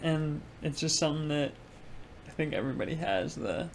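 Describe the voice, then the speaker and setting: A laid-back young man with a fairly high yet gravelly voice chats casually as a podcast co-host. He tosses in "bro" and "dude" and laughs easily, over faint room noise. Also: normal speed. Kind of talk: casual chat.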